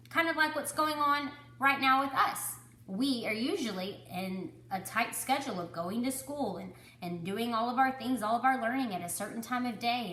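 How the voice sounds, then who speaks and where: A woman, a teacher reading to her class, reads a picture book aloud to children and talks to them about it, lifting her voice to stress key words. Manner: expressive storyteller, lifting her pitch for emphasis. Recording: echoey room with faint background hiss.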